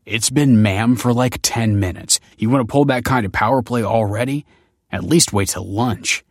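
A man voicing an anxious middle-aged father in a storybook reading, tense and quick to bristle. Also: mid-range voice, no echo, clean studio sound, natural voice. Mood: teasing.

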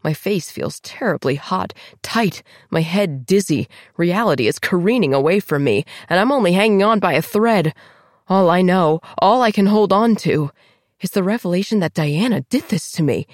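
A woman's voice: lowish voice, animated, normal speed, no room sound, clean studio sound. A woman reading a first-person audiobook with a tense, emotional delivery. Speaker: audiobook narrator.

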